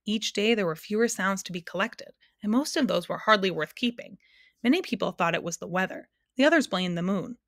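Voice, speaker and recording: A woman reading a children's storybook aloud in a calm, expressive way. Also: medium pitch, brisk, no echo, clean studio sound. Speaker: narrator.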